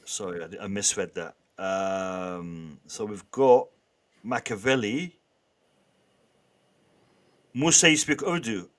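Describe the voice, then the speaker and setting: A man's voice: lowish voice, slow, long pauses. Chatty man hosting a live stream. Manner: lively, banters with chat, many restarts. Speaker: livestream host. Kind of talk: casual live-stream chat.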